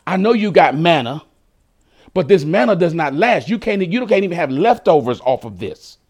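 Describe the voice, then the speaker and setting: Man preaching, high-pitched, very lively swings, call-and-response, stretched emphatic words. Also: normal speed. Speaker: pastor. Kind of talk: sermon.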